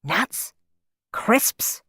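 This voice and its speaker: A woman voicing a bratty, demanding young boy who whines and shouts in a storybook reading. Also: very slow, no echo, studio quality.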